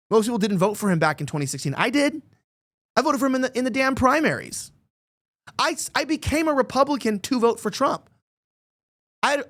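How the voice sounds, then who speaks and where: A man's voice: high voice, a bit bright. A man hosting a political commentary show, talking emphatically and rambling, often repeating words as he gets worked up.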